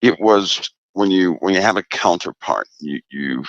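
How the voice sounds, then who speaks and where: A man speaking as a guest commentator in a casual interview, deliberate and emphatic, repeating key phrases. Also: low-pitched, lively intonation, creaky, no echo, highs cut off.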